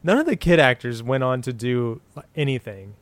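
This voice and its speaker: A man in his forties, chatting casually and rambling through old TV trivia. His voice is smooth and resonant, recorded dry and close with no room sound. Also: medium pitch, very animated, moderate pace, dry recording. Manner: rambling, recounts trivia with frequent fillers and restarts. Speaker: podcast co-host. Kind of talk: casual chat about an old TV show.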